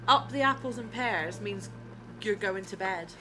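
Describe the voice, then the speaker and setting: A woman's voice: mid-range voice, a little slow, pushed and bright. A woman joining a game stream, playful and teasing in casual banter.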